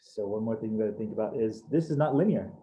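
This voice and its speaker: A man teaches an algebra lesson with casual, upbeat energy, tossing in slang as he walks through each step. His voice is deep-toned and mellow. The sound is roomy and echoey, with a faint hiss of noise underneath. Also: expressive, fast. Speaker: math teacher. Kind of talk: live algebra class over video call.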